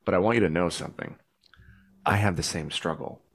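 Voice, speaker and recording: A man in his forties speaks as a podcast guest, with a somewhat low voice. He talks earnestly and reflectively, leaning into heartfelt points and at times rising into loud pleading. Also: fairly quick. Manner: earnest, reflective, bursts into loud pleading when recounting prayers. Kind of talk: heartfelt conversation.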